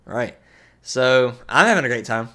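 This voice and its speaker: A young man co-hosting a podcast in casual chat, talking in halting bursts with lots of restarts and easy laughter. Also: medium pitch, expressive, pushed and bright. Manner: halting, many restarts and fillers, laughs easily. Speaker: podcast co-host.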